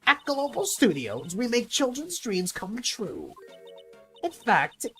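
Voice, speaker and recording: Man doing a croaky nosy old security lady. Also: very high voice, huge pitch swings, slow pace, sharp tone, soft background music, voice pushed up, heavily acted. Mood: reminiscing. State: sore throat. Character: nosy old female studio security guard, chatty and scolding.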